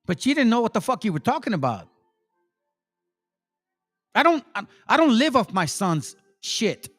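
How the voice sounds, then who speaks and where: A man's voice: high-pitched, big pitch swings, normal speed, long pauses, fairly bright tone, faint music behind. A man, a channel host, delivering an angry, profane rant full of sarcasm and repetition. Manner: heated, cursing, sarcastic, repeats himself. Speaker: channel host, insurance seller.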